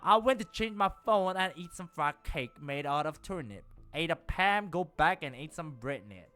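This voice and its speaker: Young man, game streamer, fairly high voice, chatty and animated, faint music behind. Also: moderate pace, few pauses, smooth. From Malaysia. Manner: chatty, animated, laughs often. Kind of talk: casual gameplay commentary.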